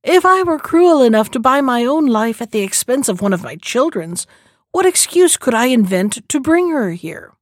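A woman's voice: on the high side, big pitch swings, moderate pace, no room sound, clean studio sound. A woman reading a pleading, frightened merchant. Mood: despairing. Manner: pleading and humble. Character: terrified, pleading old merchant father. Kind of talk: storybook reading.

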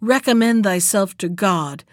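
A woman's voice: mid-range voice, expressive, unhurried, no room sound, studio quality, close to an everyday voice. A woman reading the part of a cruel, menacing nobleman in a storybook, in a cold, commanding manner. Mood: stern.

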